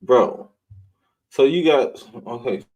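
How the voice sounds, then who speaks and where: A man's voice: medium pitch, expressive, slow, darkish tone, low-quality recording. A man with a mid-range voice hosts a live show and riffs in loose, profane commentary. He talks bluntly and mocks his targets as he goes. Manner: blunt, mocking, swearing freely.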